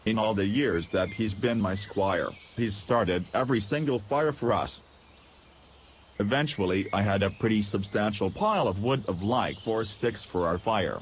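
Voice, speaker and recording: A man narrating an absurd comic story in first person, deadpan and goofy. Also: on the low side, slight background noise. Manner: goofy, deadpan, absurd humor with silly voices. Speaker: podcast storyteller.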